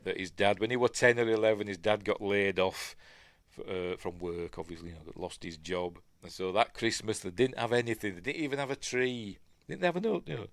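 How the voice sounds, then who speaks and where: A man's voice: on the low side, brisk, no echo. Rambling Yorkshire man reviewing a film. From Yorkshire, England. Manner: rambling, digressive, full of fillers. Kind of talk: casual film breakdown commentary.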